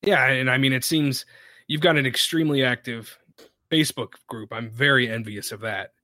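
A man on a podcast, talking about podcasting in a relaxed, chatty way with many fillers. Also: mid-range voice, normal speed, dry recording, studio quality. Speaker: podcaster guest. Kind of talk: casual podcast chat.

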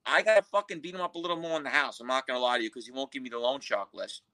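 A man's voice: mid-range voice, rapid-fire, pushed and bright, rough recording. A man telling a crime story as a podcast guest, in blunt, profane street talk. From Queens, New York. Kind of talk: storytelling interview.

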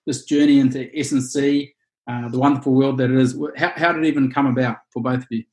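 Fast-talking husky podcast host. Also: male voice, mid-range voice, fairly even intonation, darkish tone. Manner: fast, upbeat, reads ad copy and guest bios. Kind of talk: podcast intro and interview.

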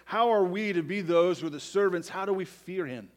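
A man's voice: high voice, a little fast. Emphatic male pastor preaching a sermon. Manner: emphatic preaching, frequent "right?" asides, rising and dropping to near-quiet.

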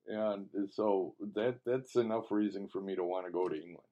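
A man's voice: low-pitched, normal speed, lo-fi sound. A man from the United States co-hosting a radio show, chatting casually and telling jokey stories with a teasing edge. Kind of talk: casual chat.

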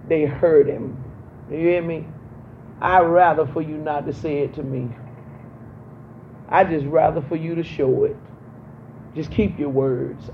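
Young woman pastor preaching call-and-response. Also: sits low. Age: young adult. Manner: emphatic call-and-response, repeating phrases to the congregation. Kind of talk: preaching a sermon. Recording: muffled lo-fi with faint background noise.

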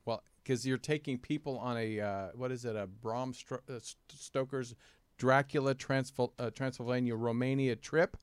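A man's voice: mid-range voice, steady tone, normal speed, clean tone, no echo. A man hosting a talk show in a studio, asking questions with many fillers and restarts. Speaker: host. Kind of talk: casual chat.

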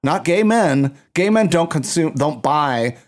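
A man chatting casually, throwing in quick jokes and laying out his own theories. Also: a little high, expressive. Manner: joking, theorizing, quick quips. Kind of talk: casual chat.

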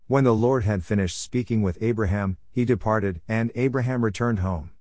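Low-voiced man reading scripture. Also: no echo, clean studio sound. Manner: steady, measured reading. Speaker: scripture reader.

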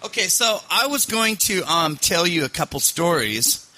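A man's voice: high-pitched, sing-song, normal speed, background noise. A man hosting a podcast, telling a personal story casually, rambling with fillers and restarts. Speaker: podcast host.

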